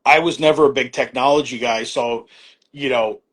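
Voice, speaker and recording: A man's voice: medium pitch, fairly even intonation, moderate pace, a bit bright, husky. A middle-aged man talking as a podcast guest, in a loose, rambling way, full of fillers and restarts, acting out quoted back-and-forth exchanges and swearing casually. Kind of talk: casual storytelling conversation.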